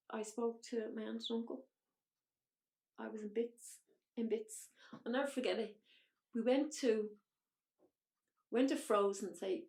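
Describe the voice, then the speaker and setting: This is personal storytelling from an interview guest, an Irish woman on a podcast, who is emotional, blunt, and openly profane. Her voice sits at a medium pitch, and the room is echoey.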